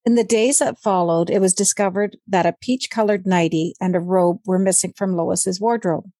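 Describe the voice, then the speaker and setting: A woman narrates a scripted passage in a measured, unhurried way. Her voice is warm and mellow, and the sound is dry and close. Faint music plays underneath. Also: medium pitch, fairly even intonation, dry recording. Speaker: podcast co-host, narrator.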